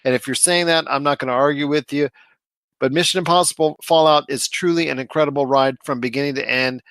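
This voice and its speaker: A man's voice: a little high, fairly even intonation, fairly bright tone, smooth, no echo. A man co-hosting a podcast, chatting casually and enthusiastically about movies he loved. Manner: enthusiastic, emphatic, drawn-out phrasing. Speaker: podcast co-host. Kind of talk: casual movie review chat.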